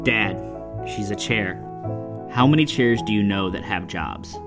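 A man's voice: fairly low pitch, a little slow, music in the background, voice pushed down. A man reading the part of an earnest young son who defends loving a chair. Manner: earnest, pleading.

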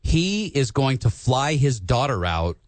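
A man's voice: mid-range voice, big pitch swings, measured pace, dry recording. A man co-hosting a radio show in a studio, telling stories with enthusiasm and frequent laughs. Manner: enthusiastic storyteller, laughs often. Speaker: radio co-host. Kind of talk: casual studio banter.

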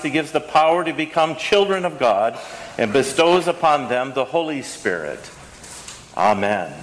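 Out of breath, a pastor with a medium-pitched voice reads prayers and liturgy in a church sanctuary, talking informally to the congregation in between. There's slight background noise, faint ambience, and a long churchy reverb.

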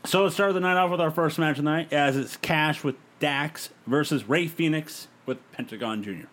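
Guy on a podcast running through a made-up wrestling card, brisk play-by-play, a bit high voiced. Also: a bit bright. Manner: brisk play-by-play recap with light laughs. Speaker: podcast host. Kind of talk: casual podcast chat, reading out a fantasy wrestling show.

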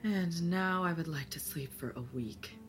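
A woman's voice: lowish voice, unhurried, over music, lightly acted. A woman playing an eager, prim young reporter in an audio drama. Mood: tired.

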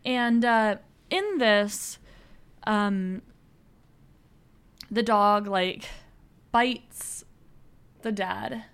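A woman's voice: mid-range voice, drawn-out words, pauses often, a bit bright, smooth. A woman co-hosting a casual movie recap, retelling scenes animatedly and swearing freely. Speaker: podcast co-host.

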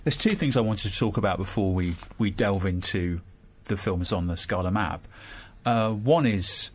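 A man's voice: lowish voice, normal speed, breathy edge. A man hosting a conversational discussion about films, thinking aloud and searching for his words. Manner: thoughtful, searching for words with fillers and restarts. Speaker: podcast host.

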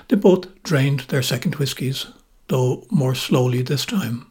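An Irish man narrates a storytelling podcast in a measured, gently wry way. His voice is very husky and raspy, with a pitch in the middle range for a man.

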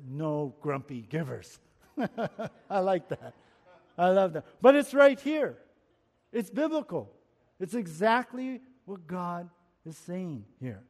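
A man preaching a sermon, animated, laughing at his own jokes and slowing down to stress key words. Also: high-pitched. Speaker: pastor. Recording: long reverb of a large hall.

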